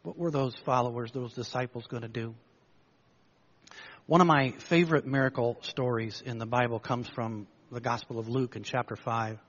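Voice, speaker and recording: A man preaching a sermon in a storytelling way, acting out the voices of the crowd. His voice is husky. The recording sounds muffled and lo-fi. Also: mid-range voice, normal speed. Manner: storytelling, lively, acts out the crowd's lines.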